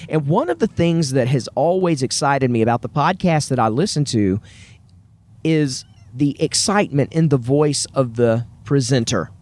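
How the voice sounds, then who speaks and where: A man's voice: mid-range voice, animated, moderate pace, darkish tone. A man with a Southern US accent hosts his own podcast, talking alone to listeners in an earnest, upbeat, chatty way. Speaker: podcast host. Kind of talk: solo podcast monologue.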